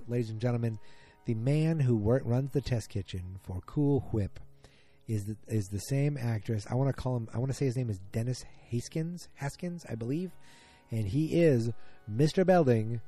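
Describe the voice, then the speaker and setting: A man's voice: mid-range voice, mellow. A man casually recapping a TV episode, rambling with lots of fillers and restarts.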